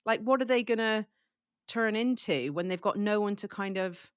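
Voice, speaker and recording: A woman's voice: mid-range voice, normal speed, clear, resonant tone, no room sound, studio quality. A woman with a cold chatting casually about a book, full of "like" and restarts. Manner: chatty, lots of likes and restarts. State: has a cold, coughing. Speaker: book discussion co-host.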